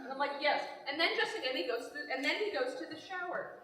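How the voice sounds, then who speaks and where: A young woman improv performer telling a funny story on stage, animated and laughing, often exasperated. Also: high voice, quick pace. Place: theater stage. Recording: echoey theater hall from far off, audience.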